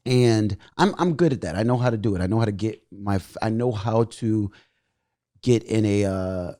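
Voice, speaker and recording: Excitable young comedian telling stories. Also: male voice, lowish voice, moderate pace, dry recording, clean studio sound. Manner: excitable, swears freely, many restarts. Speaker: stand-up comedian guest. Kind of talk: animated storytelling in casual chat.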